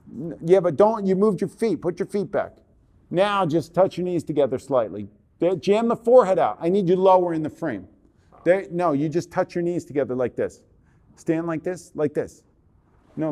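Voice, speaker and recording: A man coaching a portrait subject through a photo shoot, giving brisk, repetitive commands over a live video call. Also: fairly high pitch, dark tone.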